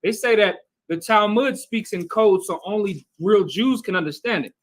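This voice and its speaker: A man's voice: high-pitched, normal speed, poor audio. A man teaching a bible class, talking conversationally and often checking in with his listeners. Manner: conversational, keeps checking with "right?" and calling on readers. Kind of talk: scripture teaching.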